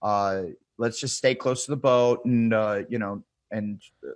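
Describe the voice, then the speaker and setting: A man's voice: on the low side, a little slow, no room sound. A man in casual podcast chat, telling a story with lots of swearing and laughter, acting out what others said. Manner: animated storyteller, acts out quotes, swears freely, laughs often. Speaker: podcast guest.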